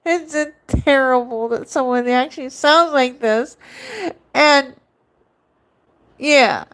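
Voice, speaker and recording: Woman doing a squeaky, silly, childish voice. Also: a bit bright, exaggerated voice, rough recording. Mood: mocking. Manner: deliberately annoying, silly. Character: silly childish-sounding woman griping about her husband. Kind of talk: live-stream joke voice.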